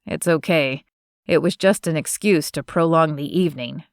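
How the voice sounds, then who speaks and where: A woman narrator voicing a smitten young man, the earnest romantic lead of an audiobook, in a slightly lowered, tender delivery. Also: normal speed, smooth, no echo, studio quality. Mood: eager. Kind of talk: audiobook character voice.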